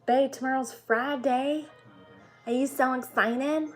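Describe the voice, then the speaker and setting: A woman's voice: sits high, fairly even intonation, takes it slowly, soft background music. A young woman streaming from home, chatting casually with her viewers, swearing freely and answering their comments. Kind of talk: casual chat.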